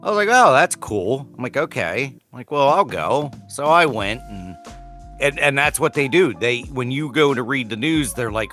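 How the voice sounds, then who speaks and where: A man's voice: medium pitch, moderate pace, faint music behind. A man, co-hosting a casual podcast chat and telling stories that act out the quotes. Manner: animated storyteller, acts out quotes loudly. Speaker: podcast co-host.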